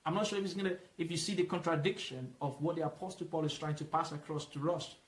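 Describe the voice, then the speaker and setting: A man leading a Bible study, explaining patiently and asking questions for the listener to fill in. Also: on the high side. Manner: asks questions and lets the listener fill in the answer; explains patiently, repeating points slowly. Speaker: Bible teacher. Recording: roomy echo.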